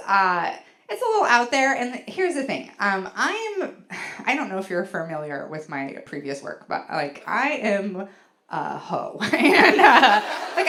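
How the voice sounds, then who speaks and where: A woman's voice: medium pitch, sharp tone. A woman comedian doing a bawdy stand-up set on a club stage, storytelling with lots of "like" fillers. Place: comedy club stage before a laughing audience.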